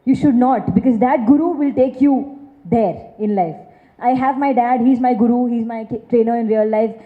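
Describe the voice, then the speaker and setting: A woman in her twenties, an actress answering interview questions earnestly at a film launch event. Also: on the high side. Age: 20s. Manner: earnest and quick, with repeated encouragements. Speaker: lead actress. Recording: muffled phone-like sound.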